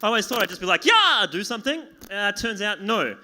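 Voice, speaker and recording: A man's voice: high-pitched, quick pace, bright, forceful tone. A young man performing a self-deprecating stand-up set in a pub, acting out conversations with sudden yelps and pleading. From Australia. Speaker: stand-up comedian. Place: small pub venue with live audience.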